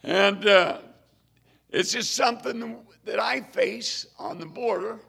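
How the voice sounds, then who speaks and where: An older man preaching a storytelling sermon, fervent, swinging between loud exclamations and hushed asides. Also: high voice, takes it slowly, gravelly, slightly rough.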